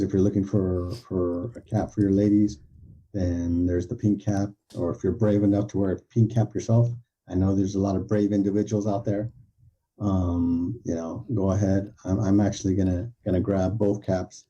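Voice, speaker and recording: A man with a deep, husky voice speaks as a podcast guest, hesitant and full of uh and um as he explains things. His tone is dark and mellow, and the video-call audio sounds dull and lo-fi. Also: level tone. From Southern California. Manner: hesitant, halting, lots of uh and um. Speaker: guest, head of a support nonprofit. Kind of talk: casual interview chat.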